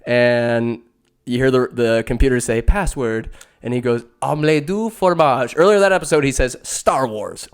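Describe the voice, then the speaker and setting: A man hosting a podcast in rambling, casual commentary. He is excitable, laughs often and swears freely. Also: mid-range voice, moderate pace, smooth. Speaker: podcast host.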